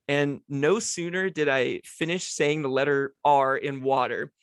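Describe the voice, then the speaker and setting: A clear, resonant, slightly high voice with fairly even intonation and a measured pace belongs to a young man hosting his own podcast. He tells a childhood story in a rambling, self-deprecating casual monologue with many restarts, recorded in a dry home setup.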